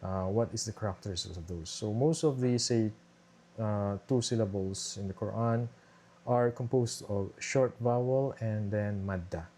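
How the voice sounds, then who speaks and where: A man's voice: lowish voice, moderate pace, mellow. A young man casually walking viewers through his thesis research, explaining with many fillers and restarts. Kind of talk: casual screen-share walkthrough. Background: airplane noise from a nearby airport.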